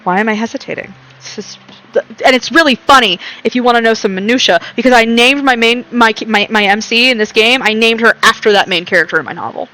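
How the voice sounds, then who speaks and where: A woman's voice: fairly high pitch, fast, pushed and bright, poor audio. A young woman streaming a game, reading its text aloud and breaking off into chatty, rambling commentary with frequent laughs.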